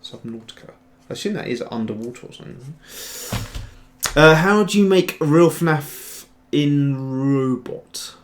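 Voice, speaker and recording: A man's voice: fairly high pitch, measured pace, a little hiss or hum. A man hosting a casual livestream tutorial, rambling and chatty as he answers viewer chat while he works. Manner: rambling, chatty, trails off and restarts. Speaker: host, 3D sculptor.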